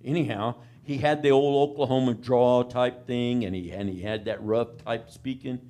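A man's voice: medium pitch, fairly even intonation, moderate pace, warm tone. A man preaching a sermon in a plain country-boy way of talking, folksy, often checking in with the congregation by asking "amen?" and "all right?". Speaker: pastor.

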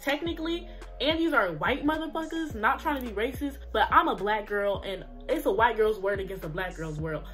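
A woman's voice: fairly high pitch, brisk. Young woman, storytime vlogger, salty slang-heavy chat, faint music under her. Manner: profane, slangy, animated storytelling. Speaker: YouTuber telling a story. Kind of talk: casual storytime vlog.

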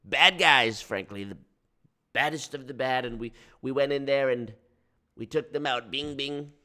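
A man's voice: medium pitch, unhurried, pushed and bright, pitched above the performer's own voice. A man doing a boastful blustering old politician. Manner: bragging, repetitive superlatives.

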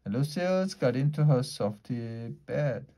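A man reading a children's storybook aloud in a lively way, shifting his pitch and loudness for the characters' lines. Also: a little slow. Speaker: storybook reader.

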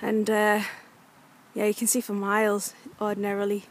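Speaking in a monotone at medium pitch and moderate pace, a vlogger chats to her camera while out with her dog along the coast. She's a young woman from North East England, frustrated and filler-heavy, and the clip carries a little hiss or hum.

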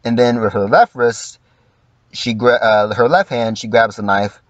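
A man's voice: mid-range voice, fairly even intonation, a little slow, no echo, lo-fi sound. A man giving casual, profane livestream commentary, acting out quoted lines in mock voices.

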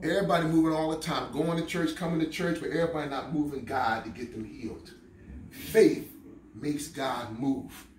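A male preacher with a high, ringing voice delivers a call-and-response sermon, hammering his lines over and over and rising into shouts. He sounds set back from the microphone in a reverberant church sanctuary. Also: steady tone, moderate pace, slight background noise. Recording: echoey room, mic far off.

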